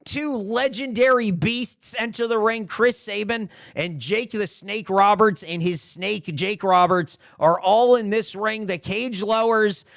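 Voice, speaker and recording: A man hosting a gaming podcast, hyping matches in a mock announcer style and reacting quickly. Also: high voice, creaky, no echo, studio quality. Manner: lively, fake-announcer hype, quick reactions. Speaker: podcast host. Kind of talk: casual game commentary.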